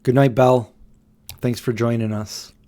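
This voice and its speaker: A man's voice: medium pitch, flat delivery, normal speed, warm tone. A man in his thirties hosting a casual late-night livestream at home, chatting loosely and reading out viewer comments. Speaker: livestream host.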